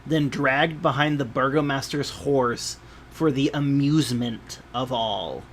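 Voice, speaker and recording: A man narrating a tabletop game as game master, describing scenes in a measured, descriptive way. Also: medium pitch, steady tone, a little hiss or hum.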